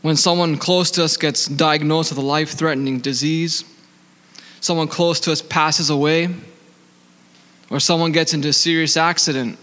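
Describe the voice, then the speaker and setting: Preaching to his congregation, this man speaks with a non-native accent in a voice fairly high for a man, its intonation fairly even and its tone pushed and bright. He poses questions to the listeners, answers them himself, and reads scripture slowly, all under a long hall reverb.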